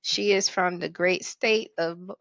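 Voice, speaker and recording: A woman hosting a podcast in casual chat, playful and bubbly, with sudden high-pitched emphasis. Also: steady tone, unhurried, fairly bright tone, no echo. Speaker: podcast host.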